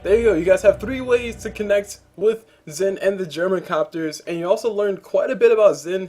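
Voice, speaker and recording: A man's voice: fairly high pitch, a little mellow. Upbeat man hosting an interview. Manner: upbeat, hype-driven, talks to viewers. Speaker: interview host. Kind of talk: casual interview chat.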